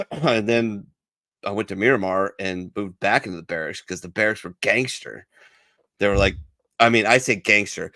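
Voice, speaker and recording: A man's voice: fairly low pitch, normal speed, dry recording. A man telling profane barracks stories in casual chat as a veteran podcast co-host. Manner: profane, storytelling with lively quoted voices.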